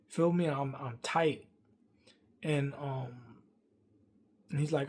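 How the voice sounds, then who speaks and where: A man, venting a rambling workplace story to camera, swinging from loud outbursts to muttering. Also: steady tone, takes it slowly, long pauses, husky. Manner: heated, rambling, acts out quotes loudly then drops low.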